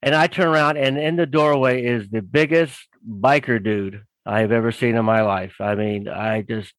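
A man's voice: mid-range voice, fairly even intonation, moderate pace, no room sound, rough recording. A man telling a story casually as a guest author, rambling with many fillers and doing voices for the people in it.

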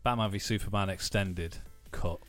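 A man's voice: sits low, moderate pace, fairly bright tone, soft background music. A man co-hosting a podcast, chatting casually with dry joking asides. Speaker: podcast co-host. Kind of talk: casual chat.

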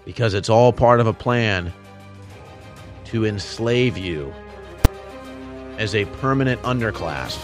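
A man's voice: on the low side, animated, takes it slowly, long pauses, faint music behind. A man hosting a political commentary show, delivering a heated, ranting monologue straight to his audience. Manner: heated, ranting, addresses listeners as folks and man.

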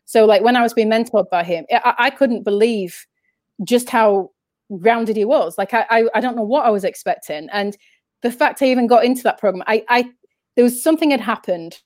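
A woman's voice: a little high, brisk, darkish tone, dry recording. A woman with a northern English accent, telling stories as an interview guest in a rambling, chatty way that keeps restarting sentences. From northern England. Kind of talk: casual interview chat.

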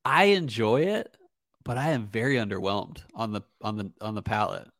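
A man co-hosting a casual whiskey tasting, talking in a relaxed, hedging way with lots of fillers. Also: fairly low pitch, normal speed, dry recording, studio quality. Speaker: co-host, whiskey reviewer. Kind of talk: casual chat.

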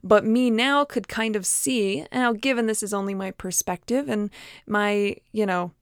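A woman's voice: medium pitch, normal speed, clear, resonant tone, no echo, clean studio sound. A woman talking casually and frankly to camera, filling her speech with fillers and restarts. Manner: chatty, many fillers and restarts; frank, personal, laughs at herself.

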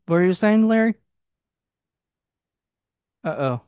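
Smooth-voiced man chatting about film. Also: high-pitched, expressive, no echo, muffled recording. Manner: short agreeing replies and quick remarks. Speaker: podcast co-host. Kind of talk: casual film discussion.

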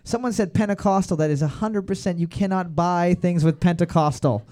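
A man's voice: high-pitched, fairly quick, mellow. A man hosting a trivia night, reading each question twice and riffing with crude jokes between answers. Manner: reads questions twice, riffs with joking crude asides. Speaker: trivia quizmaster.

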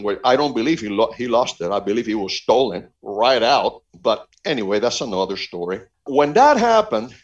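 A man from Cuba, an evangelist guest, speaking fervently in a preaching style and repeating phrases for emphasis. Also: a little high. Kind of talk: preaching-style interview talk. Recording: muffled lo-fi audio.

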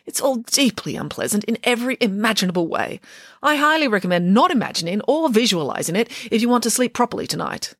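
A woman's voice: on the high side, big pitch swings, fast talker, fairly bright tone, no room sound, clean studio sound, pitched above the performer's own voice, heavily acted. A woman voicing a bossy, theatrical pig nanny in an audiobook, talking with grand confidence. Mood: storytelling. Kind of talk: audiobook character reading.

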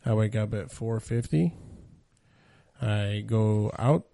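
A man's voice: on the low side, slow, gravelly, dark tone, no echo, studio quality. A man co-hosting a podcast, describing things in a matter-of-fact, profane casual way. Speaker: podcast co-host. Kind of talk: casual chat.

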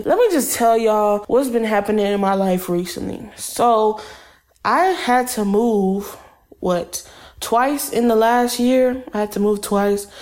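A woman's voice: a little high, darkish tone. A woman hosting her own podcast, talking casually and candidly in a blunt, slangy, chatty way. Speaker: podcast host. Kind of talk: casual solo podcast monologue.

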